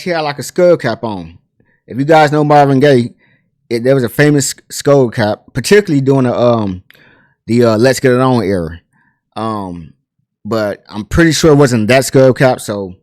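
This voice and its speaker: A man hosting a pop culture commentary channel, telling a story in a chatty, animated way full of asides and fillers. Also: mid-range voice, no room sound, studio quality. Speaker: host.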